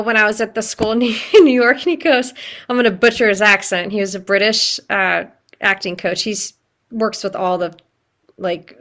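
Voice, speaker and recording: Woman, acting coach, chatty class talk, animated, laughs often, crisp bright tone. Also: on the high side. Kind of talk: live online acting class.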